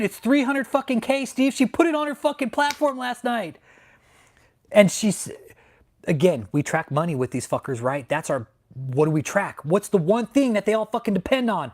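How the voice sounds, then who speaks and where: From his home in San Antonio, Texas, a man hosting his channel's live stream rants angrily, swearing constantly and repeating his threats in a heated, profane way. His voice is a little high with a darkish tone.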